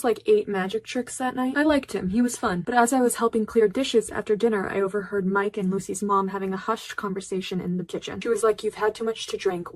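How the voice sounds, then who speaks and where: This is a woman narrating a storytime in a relaxed, conversational way. She talks at a brisk clip in a middle-pitched voice, sprinkling her telling with "like" and easy fillers. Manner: chatty, with fillers and "like". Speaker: storytime channel host.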